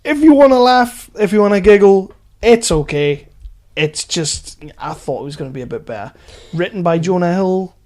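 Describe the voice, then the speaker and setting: High-voiced, sweary man chatting. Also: animated, moderate pace, darkish tone. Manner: sweary, laughs often, chatty. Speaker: podcast co-host. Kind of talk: casual chat.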